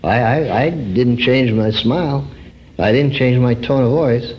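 A man giving an earnest personal testimony sermon, swinging between high emphatic phrases and low drawn-out words. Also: a little hiss or hum. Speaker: preacher. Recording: dull lo-fi recording.

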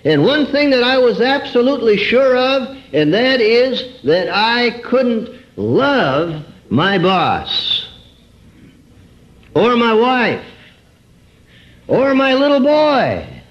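Male preacher, personal testimony, slow and earnest, lively swooping pitch, muffled old recording. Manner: earnest, with dramatic swings between high emphasis and low drawn-out words. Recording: dull lo-fi recording.

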